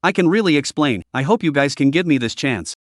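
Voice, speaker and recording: Man reading as a tearful timid young woman, pleading, apologetic, lively rising and falling tone, dry close sound. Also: on the high side, fairly quick, no echo, natural voice.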